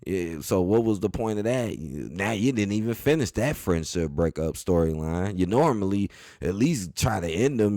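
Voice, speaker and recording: A man giving a casual, animated opinion rant as a wrestling commentary host, repeating his points in loose everyday speech. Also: deep voice, no room sound, studio quality. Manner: animated, repetitive, colloquial.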